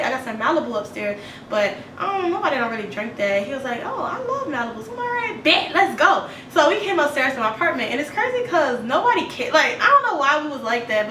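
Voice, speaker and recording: High bright woman spilling tea, lots of slang, echoey room, mic kinda far. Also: background noise. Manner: animated gossip with lots of slang, acts out quotes. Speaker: storyteller. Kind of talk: casual storytime chat. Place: home, indoors.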